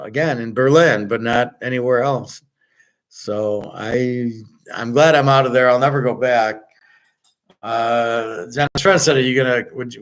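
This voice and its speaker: Blunt, rambling man. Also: mid-range voice. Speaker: host. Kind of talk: casual monologue.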